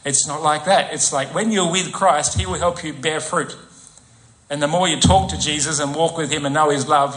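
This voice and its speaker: A man preaching a conversational sermon in a church, often asking the congregation tag questions and acting out quoted voices. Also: a little high. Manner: acts out quoted voices with soft asides.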